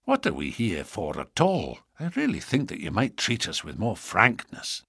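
A man reading an audiobook, voicing a gruff, impatient police inspector who talks in a blunt, grumbling way. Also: mid-range voice, wildly swooping pitch, moderate pace, a bit bright, dry recording, studio quality, exaggerated voice.

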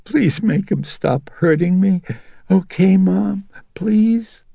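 Guy doing a scared weepy little girl, way up high, slow and pleading, audiobook. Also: very animated, creaky, dark tone, breathy edge, dry recording, heavily acted. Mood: tearful pleading. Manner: tearful, pleading. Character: frightened tearful young girl.

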